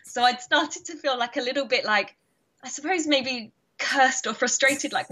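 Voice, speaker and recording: A British woman in her thirties, a karate champion, chatting in an interview and telling animated stories with frequent laughter. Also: high voice, a little slow. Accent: British English. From Britain. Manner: animated storyteller, laughing often, acting out quotes. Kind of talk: casual interview chat.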